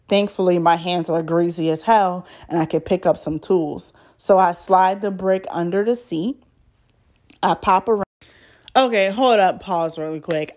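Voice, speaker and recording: Woman podcaster, lower voice, casual storytelling with asides. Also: a little mellow. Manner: chatty, stumbles over words and adds asides.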